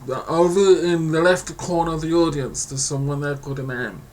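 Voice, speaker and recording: A man's voice: a little high, steady tone, fairly quick, a little hiss or hum. Hesitant man explaining in casual chat. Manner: hesitant, many ums and restarts while explaining. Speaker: podcast co-host.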